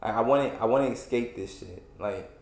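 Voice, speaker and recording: A man's voice: medium pitch, brisk, creaky, a little mellow, roomy sound. A man in his twenties hosting a solo podcast, venting in a rambling, frustrated way with many restarts and fillers. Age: 20s. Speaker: podcast host. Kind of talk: casual solo podcast rant.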